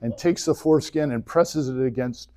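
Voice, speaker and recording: A man's voice: medium pitch, moderate pace, warm tone. A man teaching an adult church class, retelling a story in a chatty, joking way and acting out the dialogue. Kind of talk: humorous casual retelling of a story.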